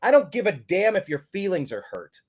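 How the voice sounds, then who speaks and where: A man with a lively, swooping delivery and a slightly high voice co-hosts a political talk show. He rants emphatically and throws in sarcastic jabs. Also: brisk, breathy edge. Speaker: co-host. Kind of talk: political commentary chat.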